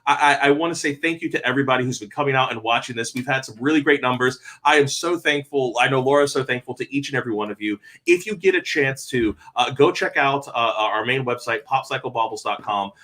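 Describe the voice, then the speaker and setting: A man hosts a casual online panel chat, talking fast with hardly any pauses in a medium-pitched, bright, forceful voice. He's rambling, heartfelt, and effusive, stammering and restarting often.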